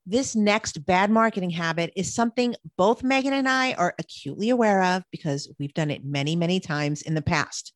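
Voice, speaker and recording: A woman's voice: lowish voice, lively intonation, normal speed, hardly any pauses, no room sound. A woman co-hosting a marketing podcast, reading prepared points in an upbeat way. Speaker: podcast co-host. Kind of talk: scripted podcast chat.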